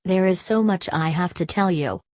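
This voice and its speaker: A woman reading the lines of an ageless, mysterious sorceress in a soft, hushed, mesmeric voice. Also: on the low side, moderate pace, no room sound, clean studio sound, close to an everyday voice.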